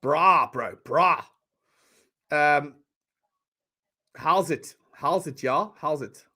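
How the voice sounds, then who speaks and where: A man's voice: fairly high pitch, very slow, sharp tone, slightly rough, full character voice. A man voicing a jovial South African man with a clumsy, exaggerated put-on South African accent. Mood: jokey.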